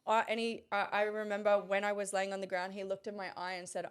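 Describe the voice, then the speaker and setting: A woman, recounting a personal story as an interview guest, halting with frequent pauses and restarts. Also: mid-range voice, flat delivery, smooth.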